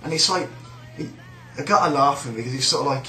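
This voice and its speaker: A man's voice: medium pitch, fast, sharp tone, echoey room, faint music behind, poor audio. A man with a British accent ranting in a sneering, rambling, sweary way about a coworker. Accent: British English. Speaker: shop worker. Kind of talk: casual rant.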